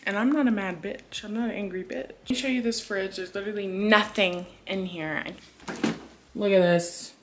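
A woman's voice: mid-range voice, fairly even intonation, normal speed, slight background noise. A young woman vlogging at home in a casual, chatty way. She talks bluntly, swears freely and says "y'all". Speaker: lifestyle vlogger. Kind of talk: casual vlog chat. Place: at home indoors. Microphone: compact camera held close.

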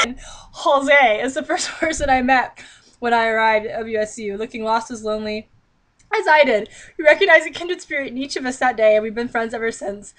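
A woman's voice: a little high, a little fast, fairly bright tone, a little hiss or hum. A woman vlogger reading a novel aloud and breaking off into exasperated, sarcastic commentary. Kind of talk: read-aloud with mocking commentary.

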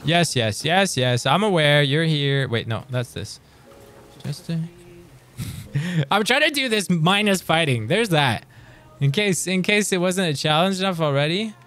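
Young male streamer, lively up-and-down delivery, swears at enemies. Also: on the high side, a little slow. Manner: swears and talks back to enemies, excitable. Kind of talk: live gameplay commentary.

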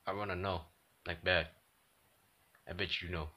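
A man voicing a curious young child who pleads quietly and rushes his words in a comedy sketch. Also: low-pitched, steady tone, voice pushed down, full character voice. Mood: pleading.

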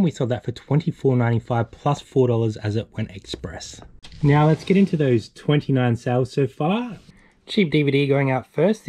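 A man's voice: mid-range voice, mellow, breathy edge. Australian man running through his sales. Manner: chatty, matter-of-fact listing of sales. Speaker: eBay reseller co-host. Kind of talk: casual vlog walkthrough.

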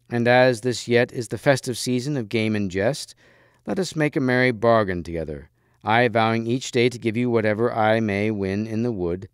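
A man's voice: lowish voice, clear, resonant tone, dry recording, clean studio sound, lightly acted. A man doing a hearty, jovial castle lord. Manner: hearty, boisterous, a bit louder.

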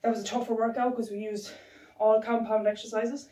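A woman's voice: on the high side, flat delivery, brisk, dark tone. A woman instructing a home workout, counting reps aloud while exercising, out of breath. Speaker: fitness instructor. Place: room at home. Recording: roomy sound from a distant camera.

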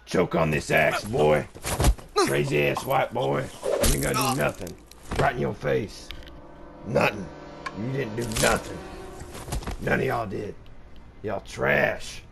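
A man's voice: mid-range voice, slow, vocal fry, pauses often. A man streaming a video game, taunting other players with swaggering trash talk. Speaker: gaming streamer. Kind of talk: trash-talking gameplay commentary. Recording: loud game music behind voice.

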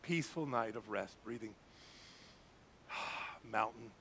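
A man preaching as a pastor, telling a quiet story and building to fervent preaching before leading a prayer. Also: fairly low pitch, takes it slowly, slight background noise. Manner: swings from hushed storytelling to rising fervent preaching. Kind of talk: sermon with story and closing prayer. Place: church sanctuary.

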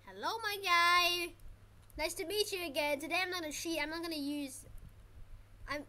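A woman giving live gameplay commentary, excitable and panicky, shouting during fights and repeating words quickly when flustered. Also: sits high. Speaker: gaming channel host.

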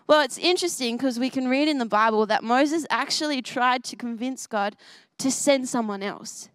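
A young woman gives a children's church talk in a bright, fairly high voice, bubbly and always asking the kids questions. The sound is dry and close, with little room echo. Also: normal speed, clean tone. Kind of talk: kids' sermon. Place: church service.

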